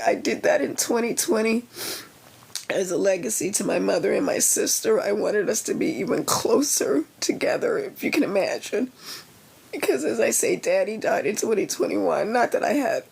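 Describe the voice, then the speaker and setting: A middle-aged woman talks freely on a live stream, her voice gravelly with fry and a little husky. She rambles from one heartfelt story to the next, a yoga teacher speaking from a sauna bag at home. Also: medium pitch, a little mellow. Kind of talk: casual live-stream chat.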